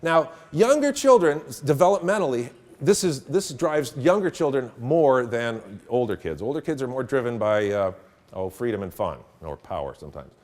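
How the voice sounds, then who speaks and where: A middle-aged man giving a workshop lecture to teachers in a room with an audience, telling stories in an animated way and laughing along. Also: medium pitch, moderate pace. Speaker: teacher trainer.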